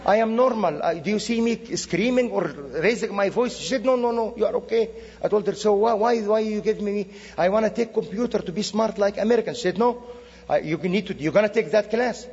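Speaking fairly quickly in a high pitch, this Middle Eastern guest preacher tells lively stories full of quoted dialogue during a sermon. The recording is dull and lo-fi, made in an echoing church hall.

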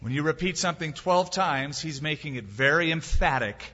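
Husky-voiced man preaching in a reverberant hall. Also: a little high, expressive, normal speed, pushed and bright. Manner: emphatic preaching with rhetorical questions and dry humor. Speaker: pastor. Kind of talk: sermon. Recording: dull sound with long hall reverb.

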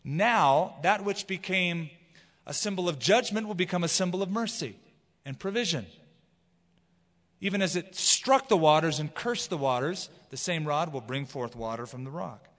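A man's voice: a little high, moderate pace, fairly bright tone. A man preaching a sermon, teaching through the Bible and reading scripture aloud with expression. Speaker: pastor. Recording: long hall reverb.

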